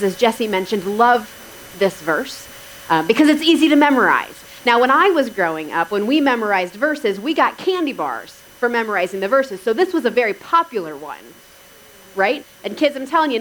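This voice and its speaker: A woman's voice: on the high side, big pitch swings, normal speed, a bit bright, a little hiss or hum, rough recording. A woman pastor giving a sermon in a conversational way, with wry asides to the congregation.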